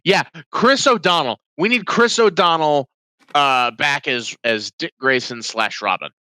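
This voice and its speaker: A man's voice: a little high, unhurried, sharp tone, dry recording. A man co-hosting a podcast in casual, joking chat who swears freely. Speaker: podcast co-host.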